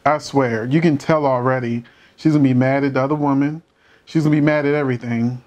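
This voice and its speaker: A man's voice: medium pitch, steady tone, a little fast, darkish tone. A man giving casual, emphatic commentary on a couple's dispute, with rhetorical questions and a struggle not to curse. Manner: holds back from cursing. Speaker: commentator reacting to a court show.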